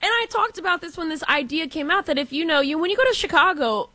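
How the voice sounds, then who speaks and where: A woman's voice: very high voice, animated, quick pace, pushed and bright, dry recording. A young woman co-hosting a casual sports talk show, chatty and blunt with her opinions. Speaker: co-host.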